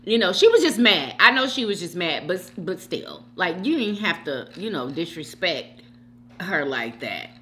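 Animated, bright-voiced woman chatting while eating. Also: on the low side, normal speed, a little hiss or hum. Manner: chatty, addresses viewers as y'all and girl. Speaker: mukbang vlogger. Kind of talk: casual gossip chat while eating.

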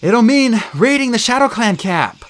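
A man's voice: extremely high pitch, big pitch swings, normal speed, fairly bright tone, a little hiss or hum, voice pushed up, full character voice. A man voicing an eager young male apprentice cat who speaks urgently and earnestly.

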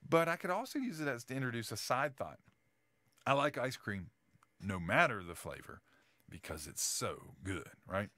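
A man's voice: lowish voice, a bit bright, dry recording. A male teacher giving a casual writing lecture, full of fillers and restarts, often checking in with "right?".

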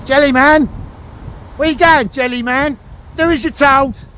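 Shouting, taunting high-voiced Englishman outdoors. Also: fairly even intonation, a little slow, slight background noise. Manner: taunting, shouting, mocking name-calling. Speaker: YouTube auditor filming. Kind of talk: confrontational street filming. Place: outdoors by an office building.

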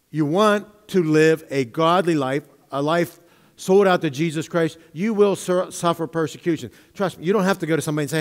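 A man preaching a sermon as pastor, with emphatic, drawn-out stresses and humorous asides, in a church sanctuary. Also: high-pitched. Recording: long reverb of a church hall.

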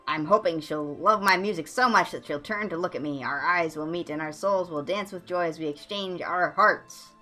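A woman's voice: on the low side, normal speed, hardly any pauses, pushed and bright, faint music behind. A woman voicing a lovesick young male bard who gushes in flowery, theatrical lines. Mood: dreamy. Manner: gushing, theatrical, sea metaphors.

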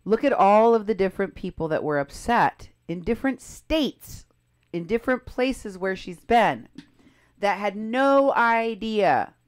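Woman commentator, low voice, emphatic and doubtful delivery. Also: clear, resonant tone. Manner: emphatic, skeptical, stressing key words. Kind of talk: commentary on clips and posts.

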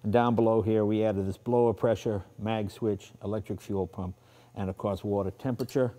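A man's voice: lowish voice, fairly even intonation, normal speed, mellow. Chatty man with a Boston accent. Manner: enthusiastic, chatty, self-deprecating. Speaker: show host. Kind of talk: casual car walkthrough. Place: garage, then outdoors.

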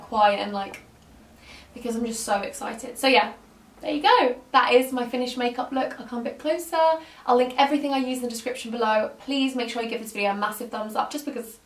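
Young woman vlogger, high-ish voice, gushing and slangy, on the verge of tears, echoey room a bit off-mic. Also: recorded from a distance. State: emotional, near tears. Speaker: beauty vlogger. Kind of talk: casual makeup tutorial chat. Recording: roomy echo, slightly off-mic.

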